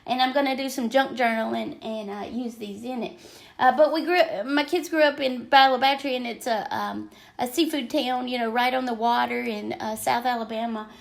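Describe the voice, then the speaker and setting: An older woman talks at normal speed in a slightly high, steady voice with vocal fry, her Southern American accent clear. Seated at her home craft desk, she chats and rambles on a casual livestream, welcoming viewers by name.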